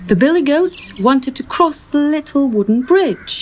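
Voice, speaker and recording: A woman reading a children's story aloud as narrator, clearly and expressively. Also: high voice, expressive, normal speed.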